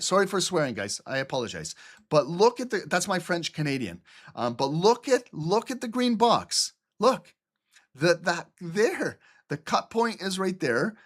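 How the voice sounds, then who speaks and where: Guy from albania walking thru a trading chart live, slightly high voice, keeps saying okay and look. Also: moderate pace. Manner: animated, repeats "okay?" and "look", casual swearing. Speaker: trading instructor. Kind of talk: live screen-share trading lesson.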